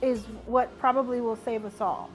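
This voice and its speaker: A woman's voice: a little high, steady tone, normal speed. A woman speaking on stage at a live event, playful and emphatic, calling out to the whole room. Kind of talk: energetic live talk to an audience. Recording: live hall with crowd and music behind.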